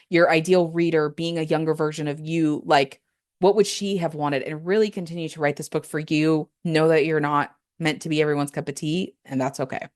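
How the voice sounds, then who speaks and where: Woman host, low-pitched, chatty and candid, solo podcast talk with playful tangents. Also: darkish tone.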